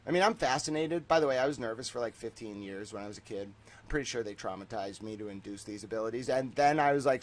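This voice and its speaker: A man streamer rambles through a long monologue, excitable and digressive. His voice sits at a middling pitch and swings from loud outbursts to low mutters. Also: quick pace. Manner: excitable, digressive, shifts between loud and mumbled. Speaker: streamer host.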